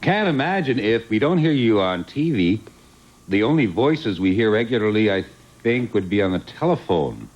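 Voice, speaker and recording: A man's voice: fairly low pitch, very animated, normal speed, lo-fi sound. A man on a game show panel asking questions in a dry, wry, politely persistent way.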